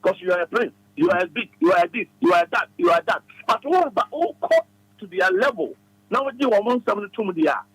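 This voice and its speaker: This is a Ghanaian man speaking as a studio guest on a radio show, his voice high and a little husky. He lectures with emphasis, circling back to the same phrases again and again. The studio sound is close and dry. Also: sing-song, a little fast, a bit bright, no echo, poor audio. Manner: emphatic, preachy, repeats phrases. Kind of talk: advice talk on radio.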